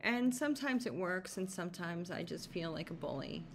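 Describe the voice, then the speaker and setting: Brief: lower-voiced woman caregiver, shaken and worried, halting video-diary talk, faint room hum behind. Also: lively intonation. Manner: halting, repeats herself, many fillers. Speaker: caregiver to her husband.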